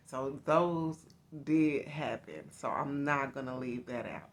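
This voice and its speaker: A woman's voice: rumbling low, slow, few pauses. A woman host telling her own life story to her viewers in a candid, confiding, casual way.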